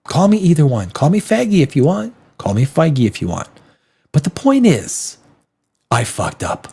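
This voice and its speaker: A man playing a film studio head at a podium, apologizing in a rambling, profane speech with little real remorse. The voice sits a bit high for a man, and the pitch swings widely as he lurches from line to line. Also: huge pitch swings, a little slow, a little mellow, husky, full character voice. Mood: mock apologetic. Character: mock-contrite male film studio boss.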